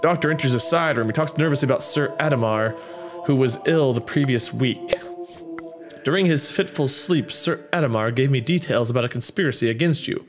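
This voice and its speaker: A young man casually commenting on a game, reading its text aloud and reacting with wry asides. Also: medium pitch. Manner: chatty, wry, bouncing between reading and quick reactions. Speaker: gameplay commentator. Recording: game music playing behind the voice.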